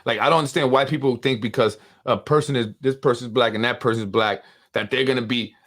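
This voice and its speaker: A man talks through local politics in loose, unscripted commentary. He presses his points hard, repeats himself and keeps asking rhetorical questions. His pitch sits in an ordinary middle range. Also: fairly even intonation, fast, fairly bright tone.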